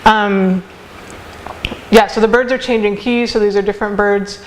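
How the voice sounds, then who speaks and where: A woman's voice: medium pitch, fairly even intonation, a little hiss or hum. Hesitant woman giving a seminar lecture. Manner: thoughtful, hesitant, many filler pauses. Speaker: academic speaker. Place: seminar room.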